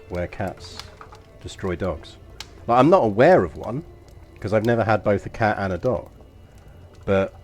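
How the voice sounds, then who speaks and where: Chatty man with a softened London accent. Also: lowish voice. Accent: softened London with a slight New York touch. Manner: chatty, thinks aloud, swears casually at the game. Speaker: streamer. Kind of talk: casual live-stream game commentary.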